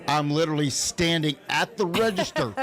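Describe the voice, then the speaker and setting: A man's voice: fairly high pitch, moderate pace, a bit bright. A man co-hosting a radio show, making dry, teasing asides in casual chat. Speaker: radio co-host.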